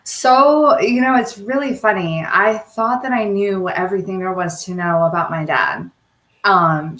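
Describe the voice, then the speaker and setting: A woman's voice: lowish voice, fairly bright tone. A woman who is a guest on a podcast, talking in an open, chatty way and laughing easily. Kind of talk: casual interview chat. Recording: roomy echo.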